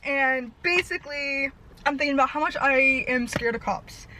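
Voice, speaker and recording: A young woman vlogger telling a rambling story fast and out of breath, laughing at herself. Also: sits high, bright, forceful tone, a little hiss or hum, poor audio. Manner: breathless, fast-talking, self-deprecating.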